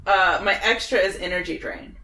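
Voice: mid-range voice, steady tone, normal speed, sharp tone. A tabletop game player asking eager questions about the rules. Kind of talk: casual tabletop game chat. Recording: roomy, distant echo.

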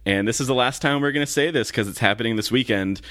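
A man co-hosting a podcast in casual chat, relaxed and chatty, sounding freshly woken with a morning voice. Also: medium pitch, fast, no echo, clean studio sound. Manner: relaxed, chatty, laughs easily. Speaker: podcast co-host.

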